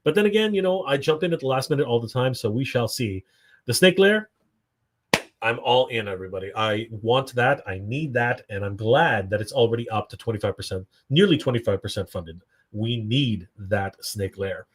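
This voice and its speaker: An upbeat Canadian man hosts a live stream, reading out viewer comments with a medium-pitched voice. He talks casually, with plenty of fillers and quick reactions. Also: animated. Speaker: livestream host.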